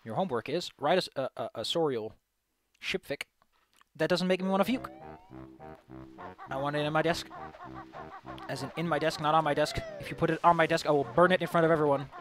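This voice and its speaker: A man's voice: on the high side, fast talker, pauses often, over music. A man giving casual, sarcastic commentary while streaming a video game and joking with his chat.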